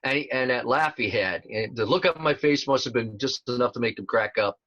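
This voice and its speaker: A man's voice: medium pitch, fairly quick, fairly bright tone, no room sound. A man in his sixties, an interview guest telling stories in a rambling way with many fillers and restarts. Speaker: interview guest, tribute performer. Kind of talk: casual storytelling interview. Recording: dull lo-fi sound.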